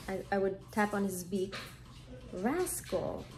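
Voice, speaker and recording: A woman's voice: mid-range voice, a little slow. Playful woman vlogging with her parrot. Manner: playful, coaxing, sing-song when talking to the bird. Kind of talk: casual home vlog talk. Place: home, near a birdcage. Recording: loud background noise with bird sounds. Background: birds squawking and chirping.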